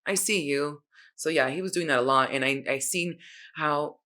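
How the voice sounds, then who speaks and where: A woman hosting a podcast in relaxed, slangy conversation, full of filler words. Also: low voice, normal speed. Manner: laid-back, slangy, with many filler words. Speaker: podcast host. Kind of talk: casual chat.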